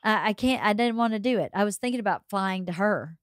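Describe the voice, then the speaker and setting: A middle-aged woman with a Southern US accent, hosting a podcast and telling stories in casual chat, lively and quick to laugh. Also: medium pitch, dry recording, clean studio sound. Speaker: podcast host.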